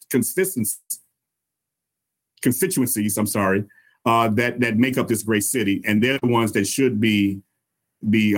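A man who is an alderman running for mayor, answering interview questions earnestly and often repeating words. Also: on the low side. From Chicago.

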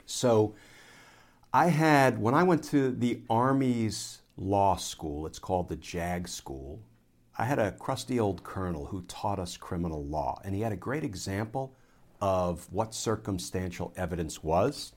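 Low-voiced man making an earnest political case. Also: darkish tone. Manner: explanatory, builds an argument step by step; earnest, rhetorical questions. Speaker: political commentator, former Army lawyer. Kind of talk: solo political commentary to camera.

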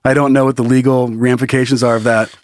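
A man co-hosting a podcast, telling profane stories in casual chat and jumping into high voices for other people. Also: level tone, fast talker, darkish tone, a little hiss or hum. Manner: profane storytelling with high-pitched impressions of others. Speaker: podcast co-host.

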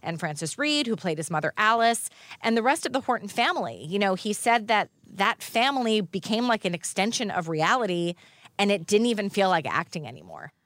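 Female talk show co-host, upbeat, animated intonation, dry sound. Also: medium pitch, a little fast, no echo. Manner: upbeat, introduces guests.

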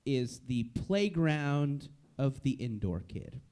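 A man's voice: mid-range voice, very animated, slow pace, darkish tone, clean tone. A man on a panel in casual chat, making dry jokes. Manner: dry, joking.

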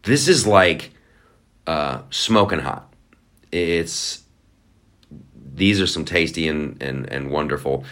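A man's voice: a bass voice, animated, slow, long pauses, a bit bright. A man hosting a solo podcast in a casual, rambling, sarcastic way, with playful asides. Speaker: podcast host.

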